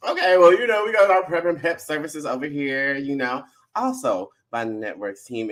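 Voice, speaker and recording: A man co-hosting a casual chat show and teaching dance, sassy and playful with drawn-out slang. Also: mid-range voice, fairly bright tone. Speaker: co-host and dance instructor.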